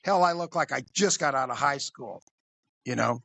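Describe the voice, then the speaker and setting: A man's voice: mid-range voice, moderate pace, gravelly. Man telling a crude story. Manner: animated, crude, conversational. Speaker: police officer storyteller, guest. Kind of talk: casual storytelling.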